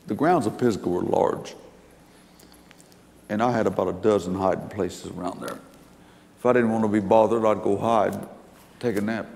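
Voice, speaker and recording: Older man with a gravelly voice, testifying in a hall. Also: on the low side, normal speed, long pauses, darkish tone. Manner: folksy, rambling storyteller. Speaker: speaker giving a testimony. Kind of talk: storytelling testimony to an audience.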